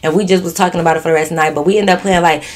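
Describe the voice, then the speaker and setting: A young woman vlogger telling a casual story in an animated, profane way, keeps breaking into laughter. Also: on the low side, racing. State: giggly.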